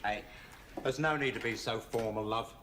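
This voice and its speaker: An actor playing a worn-out, desperate convict, edgy, blunt and glum, in a television sitcom. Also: male voice, mid-range voice, normal speed, lightly acted. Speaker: prisoner holding a hostage. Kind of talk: 1970s TV sitcom acting. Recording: loud hiss from old TV audio.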